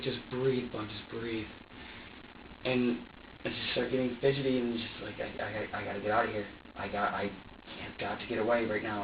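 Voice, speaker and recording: A man in an interrogation room, recounting events to an interviewer in an agitated, profane, halting way with many restarts. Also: lo-fi sound, slight background noise. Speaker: suspect in an interrogation. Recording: distant echoey low-fi room recording.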